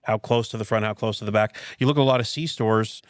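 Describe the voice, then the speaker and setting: A man hosting a casual podcast chat, an animated storyteller who keeps tossing in "right?" asides. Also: fairly low pitch, fast talker, clean tone, no room sound, studio quality. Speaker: podcast host and retail veteran.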